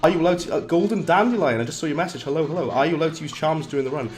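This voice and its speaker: A man with a slightly hoarse voice, chatting casually while livestreaming a game, reading chat aloud and laughing often. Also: on the high side, racing, faint music behind. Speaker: livestreaming gamer. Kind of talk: casual live-stream commentary.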